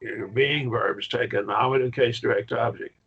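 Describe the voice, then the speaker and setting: A man with a gravelly, husky voice teaches a Greek Bible class, walking the students through each point with eager enthusiasm. The recording is muffled and lo-fi. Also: mid-range voice, normal speed. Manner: enthusiastic, explaining step by step.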